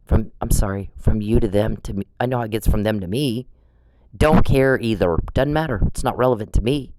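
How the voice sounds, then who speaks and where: A man's voice: lowish voice, brisk, darkish tone, no echo, poor audio. A man delivering an angry podcast monologue, scolding and repeating short commands over and over. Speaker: podcast host.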